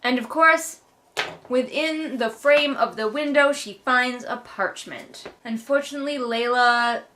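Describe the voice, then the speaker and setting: A woman's voice: high-pitched, a little slow, pushed and bright, slight background noise. Wry, sarcastic woman recapping a book. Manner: sarcastic, wry, swears casually. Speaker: book read-along host. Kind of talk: casual book commentary.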